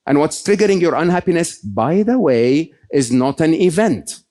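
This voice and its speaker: Guy giving a motivational talk on stage, warm mellow voice, keeps asking the crowd "okay?". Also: fairly high pitch, very animated, normal speed. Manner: conversational, often checks in with "okay?" and "right?". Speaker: keynote speaker. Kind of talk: motivational talk to a live audience.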